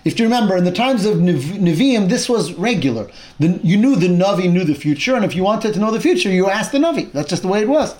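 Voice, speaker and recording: Guy with a pretty high voice teaching torah class, tells the story all animated, drops hebrew words. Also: quick pace. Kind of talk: retelling a Bible text in a class.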